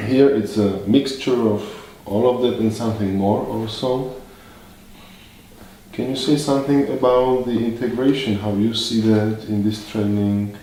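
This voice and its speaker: A man interviewing a guest, speaking softly and murmuring agreement as he listens. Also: lowish voice. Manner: soft-spoken, with frequent listening murmurs. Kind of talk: interview questions. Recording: roomy, distant mic, faint background noise.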